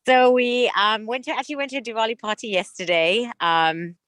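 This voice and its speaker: A woman's voice: on the high side, a little fast, a bit bright, no echo. Lady out of breath walking uphill, rambly chatty, dry close phone sound. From California. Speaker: guest dentist and coach. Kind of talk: casual chat. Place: outdoors on a hill. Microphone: phone at arm's length on video call.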